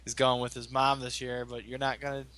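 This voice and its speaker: A laid-back male podcast co-host with a bright, forceful voice. He chats casually and laughs easily. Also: mid-range voice, level tone, brisk. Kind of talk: casual chat.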